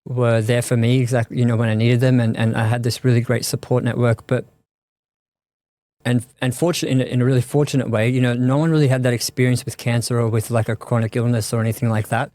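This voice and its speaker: A man talks through an interview at an even, steady pitch that barely rises or falls. He stops and restarts his thoughts as he weighs each word. The sound is dry and close, with no room echo. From Australia. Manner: thoughtful, halting, many restarts and fillers. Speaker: guest. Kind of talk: reflective conversational interview.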